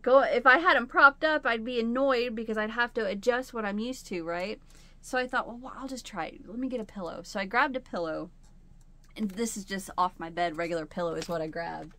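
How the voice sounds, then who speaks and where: A woman's voice: a little high, moderate pace, sharp tone. A woman hosting a home crochet video, talking casually and rambling, with frequent laughs, while sitting in a chair at home. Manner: chatty and rambling, laughs often. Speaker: crochet channel host. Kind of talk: casual chat.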